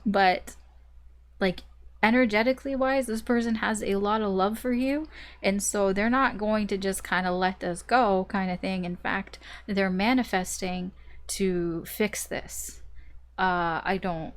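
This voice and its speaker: A woman doing a casual tarot reading, chatty and animated, who laughs often and swears casually. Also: mid-range voice. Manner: animated storytelling. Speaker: tarot reader.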